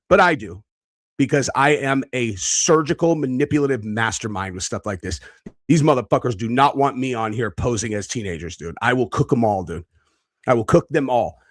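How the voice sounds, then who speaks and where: A man's voice: medium pitch, no room sound, clean studio sound. A man giving casual reaction commentary, brash and profane, boastful, talking in bursts with frequent fillers. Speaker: online commentator.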